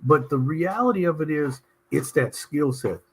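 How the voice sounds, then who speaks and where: A middle-aged man from Southern California, hosting a talk show and telling anecdotes in an animated, emphatic way. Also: a little high, moderate pace, breathy edge. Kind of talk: conversational interview storytelling.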